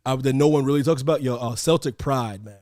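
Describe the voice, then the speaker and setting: A man co-hosting a casual wrestling podcast, loud and animated, swearing and laughing often. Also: mid-range voice, fast talker, no echo, clean studio sound. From Georgia, US. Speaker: podcast co-host.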